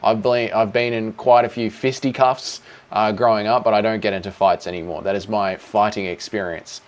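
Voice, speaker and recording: Swearing Australian streamer, casual. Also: male voice, lowish voice, fairly even intonation, normal speed, highs cut off. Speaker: streamer host. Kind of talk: livestream chat Q&A.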